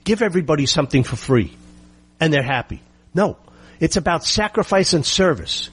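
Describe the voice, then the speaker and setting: Indignant and expressive, a middle-aged American political commentator fires off rhetorical questions and hammers his points through repetition. His voice sits on the high side with a breathy edge, and he keeps a moderate pace.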